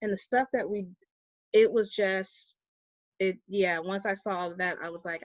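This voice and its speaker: A woman guest telling a personal story in a casual interview, animated and acting out the people she quotes. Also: medium pitch, a little slow, no room sound, highs cut off. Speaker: guest, vegan activist.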